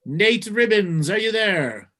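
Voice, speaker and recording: Man, fairly high voice, blunt, dismissive co-host, comedy call-in, video call. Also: animated, a bit bright. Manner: blunt, dismissive, quick to cut callers off. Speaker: co-host taking calls.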